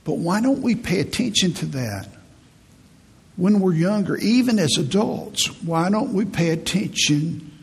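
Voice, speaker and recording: A man in his fifties with a raspy voice, preaching a folksy, humorous sermon as a pastor. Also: sits high, lively intonation, measured pace, in a large hall. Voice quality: raspy, gravelly. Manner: storytelling, humorous, laughs at own stories.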